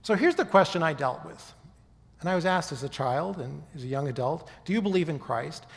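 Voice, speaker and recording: A man's voice: fairly high pitch, animated, brisk, vocal fry. Man lecturing in a reverberant hall. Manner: conversational lecturer, often checks in with "okay?" and "right?". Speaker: speaker giving a talk on faith and history. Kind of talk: presentation to a live audience.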